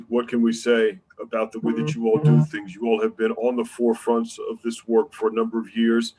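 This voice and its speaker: A man's voice: medium pitch, a little mellow. A man hosting a webinar who thanks the panel and jokes with the guests in an upbeat way. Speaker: webinar host.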